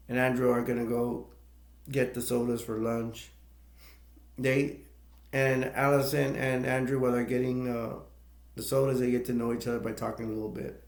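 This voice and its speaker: Guy recapping a movie, kinda gravelly, loose and rambly, echoey room. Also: mid-range voice. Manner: rambling, laughs between points. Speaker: movie reviewer. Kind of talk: casual plot recap.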